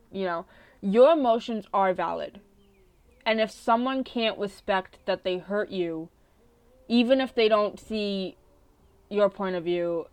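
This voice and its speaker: A woman's voice: medium pitch, no echo. Candid young woman, swearing podcast host. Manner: candid, swears freely, asks "right?" often. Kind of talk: casual storytelling monologue. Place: bedroom with open window.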